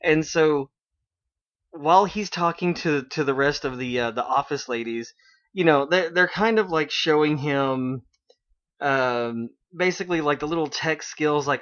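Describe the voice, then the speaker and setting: A man's voice: a little high, measured pace, fairly bright tone. A man hosting an internet radio show, casually recapping an anime episode in a rambling way with lots of fillers. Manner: rambling, with many fillers and quoted character lines. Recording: dull lo-fi online radio stream.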